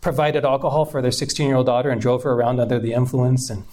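Young man, candid storytelling testimony, mid-pitched, loose and earnest. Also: level tone, fast talker, darkish tone. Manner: casual, earnest, many fillers and restarts.

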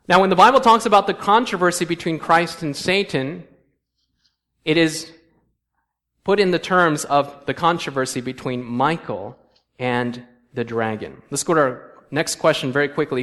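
Man, pastor preaching, fairly high voice, quizzes the congregation, quiet asides, emphatic scripture reading. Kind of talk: sermon. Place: church sanctuary.

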